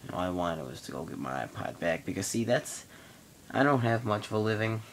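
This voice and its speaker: A young man in his late teens with a notably deep, low voice hosts his own vlog. He tells a personal story in a loose, rambling way, stating things matter-of-factly and stopping now and then to find his words. A faint rumble sits under the recording. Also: very animated, gravelly. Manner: rambling, matter-of-fact retelling with pauses. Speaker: vlog host. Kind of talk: casual monologue storytelling.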